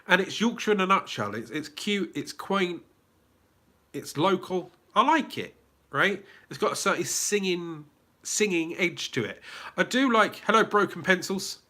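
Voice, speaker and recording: Hosting a casual live Q&A, a man from England with a southern English accent chats, reads viewer comments out loud, and keeps restarting sentences amid many fillers. His high voice is expressive, pushed and bright, and a little slow.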